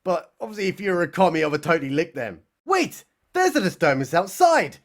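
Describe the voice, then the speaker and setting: Sarcastic man with a bouncy high voice. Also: a bit bright. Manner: sarcastic, mocking. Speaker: comedy reviewer. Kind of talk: satirical recap narration.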